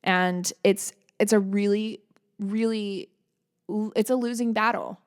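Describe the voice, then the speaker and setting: A woman hosting a solo podcast, talking in an earnest, reflective and encouraging way, letting phrases trail off softly. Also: medium pitch, fairly even intonation, measured pace, clean tone. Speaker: podcast host.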